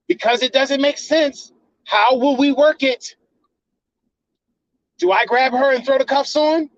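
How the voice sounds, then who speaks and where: Speaking at a measured pace with long pauses, a channel host whose voice sits high launches into a heated, profanity-laden tirade at a partner. The slightly dull lo-fi recording has no room sound.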